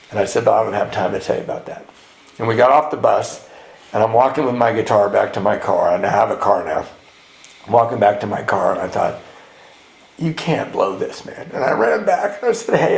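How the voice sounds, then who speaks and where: A man telling his recovery story at a men's retreat, animated and laughing, acting out the people in it. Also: medium pitch, gravelly. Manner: animated storyteller, acts out voices, laughs often. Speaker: retreat speaker. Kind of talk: personal recovery testimony with humor. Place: retreat meeting hall. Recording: echoey hall with faint background noise.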